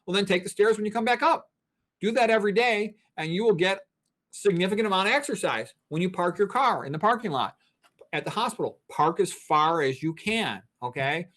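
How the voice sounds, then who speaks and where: Man in his sixties, blunt doctor, emphatic lecturing, fairly high voice. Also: lively intonation, brisk, a bit bright. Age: 60s. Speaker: physician, guest. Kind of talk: interview talk.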